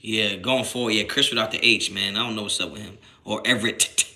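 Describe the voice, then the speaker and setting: Jersey guy doing a live sports stream, real bright sharp voice, cussing, gets worked up. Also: on the low side, a little fast. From New Jersey. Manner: animated, swears a lot, rises to shouting when annoyed; slangy and repetitive, restarts often. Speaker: sports channel host reading live chat. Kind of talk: casual livestream chat.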